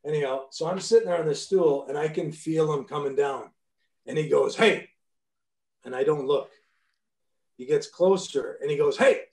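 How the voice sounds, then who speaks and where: A man's voice: a little high, steady tone, normal speed, gravelly, mellow, reverberant. A man in his fifties, a former pro hockey player guesting on a podcast, telling stories in a blunt, profane way with many restarts. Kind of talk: casual storytelling interview.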